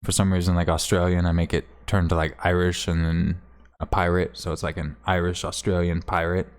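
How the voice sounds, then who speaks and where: A man's voice: low voice, little pitch movement, a little fast, clean tone. A man chatting casually on a livestream while he plays, rambling, swearing now and then and thanking viewers. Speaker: game streamer.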